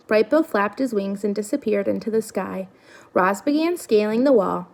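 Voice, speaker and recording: A woman reading a children's novel aloud in steady storytelling narration. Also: medium pitch, normal speed, vocal fry. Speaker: reader.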